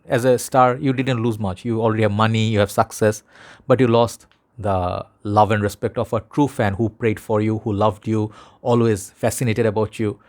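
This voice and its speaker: This man, a fragrance vlogger with a Bangladeshi accent, speaks casually to camera in a fairly low, slightly mellow voice. He rambles earnestly and addresses his viewers as if they were his brothers.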